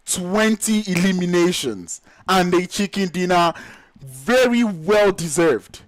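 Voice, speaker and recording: A man whose first language is Yoruba, casting live esports play-by-play in an excitable, gushing, exclamatory way. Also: high voice, takes it slowly, dry recording, rough recording. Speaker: esports caster.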